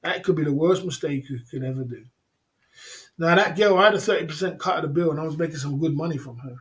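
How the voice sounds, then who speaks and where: A man's voice: fairly high pitch, fast. A man hosts a casual livestream, telling a long, rambling story, repeating himself, chuckling and speaking straight to the chat. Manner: rambling, repetitive, chuckles often, talks to the chat. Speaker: livestream host.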